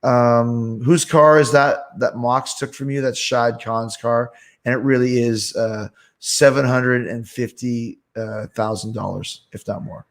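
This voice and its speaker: Male host, mid pitch, casual, animated, swears freely. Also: measured pace. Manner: animated, profane anecdote telling. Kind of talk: casual storytelling.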